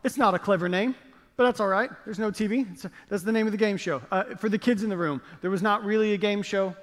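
A man's voice: high voice, fast. A male pastor preaching a sermon, telling the story with playful jokes and acted-out asides. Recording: long reverb of a large hall.

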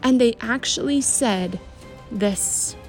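Gentle woman telling a children's Bible story. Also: slow pace, faint music behind. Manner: gentle, emphatic storytelling with a lot of pitch movement.

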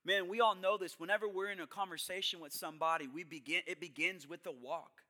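A young adult man preaching a sermon, telling a personal story with hushed asides and loud emphatic bursts. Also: high-pitched, steady tone, fast. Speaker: pastor.

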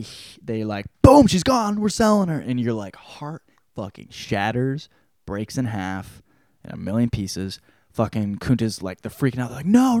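Male podcast host, casual profane book-report rambler, middle-pitched voice, dry close sound. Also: no echo. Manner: profane, rambling retelling with sudden loud quoted outbursts.

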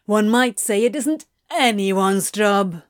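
Woman doing sneering male demon, lazy drawl, mocking, slow. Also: medium pitch, no echo, clean studio sound, close to an everyday voice.

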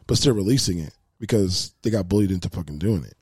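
A man in casual chat who swears freely, gets excited and acts out the quotes in his stories. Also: sits low, fast talker, husky, no echo.

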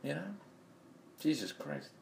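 A man's voice: fairly high pitch, huge pitch swings, slow, creaky, slight background noise. Guy ranting into his phone, blunt and sweary, rambles on, echoey room. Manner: blunt, profane, rambling rant. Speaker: vlogger. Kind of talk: ranting monologue.

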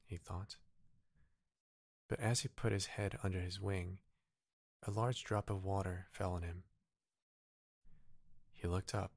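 A man reads a bedtime story in a low, gravelly voice. He keeps a gentle, unhurried pace. The sound is dry and close, with no room around it. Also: fairly even intonation, no echo. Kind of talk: soft bedtime story reading.

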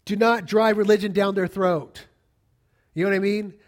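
Male pastor, middle-aged, sermon, casual and emphatic, repeats phrases for stress, slightly high voice. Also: fairly even intonation, moderate pace.

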